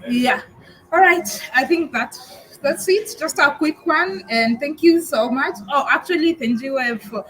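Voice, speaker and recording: A woman's voice: high-pitched, a little slow, fairly bright tone, poor audio. A woman from Kenya hosting a casual live-stream chat, speaking frankly with frequent restarts and repeats. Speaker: vlogger host on a live chat.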